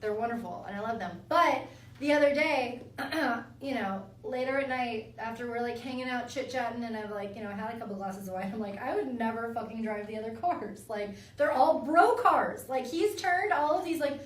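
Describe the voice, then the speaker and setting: A woman co-hosting a casual chat, teasing and animated as she tells stories with plenty of swearing. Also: fairly high pitch, moderate pace, echoey room, distant mic. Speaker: co-host. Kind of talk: casual banter.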